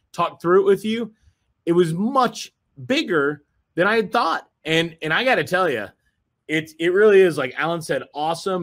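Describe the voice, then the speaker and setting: A man's voice: on the high side, a bit bright. A man hosting a group video call, giving a rambling, enthusiastic motivational talk full of fillers and repeated phrases.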